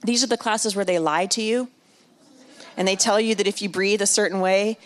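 A middle-aged woman giving a sermon at a women's retreat, telling a personal story. She moves between hushed and loud, repeats phrases for emphasis and jokes with the audience. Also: medium pitch, steady tone, moderate pace. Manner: emotional, builds from hushed to loud and back. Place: large room at a women's retreat.

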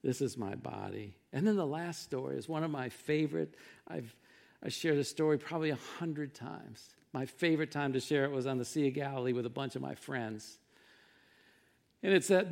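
Animated gravelly male pastor preaching. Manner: animated storytelling, acting out quotes with rising pitch and volume. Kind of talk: sermon.

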